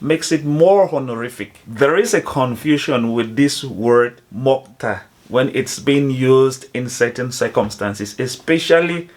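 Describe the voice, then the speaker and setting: A man explaining phrases to foreigners in a slow, careful teaching manner, spelling out each example. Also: medium pitch. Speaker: language teacher.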